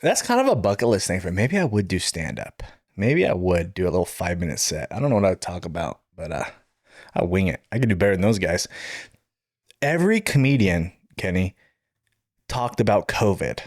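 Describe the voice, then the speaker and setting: In a clean studio recording with no echo, a podcast co-host with a low voice talks fairly quickly through a funny night-out tale. It's a casual chat, and he keeps laughing while acting out what people said, staying animated throughout.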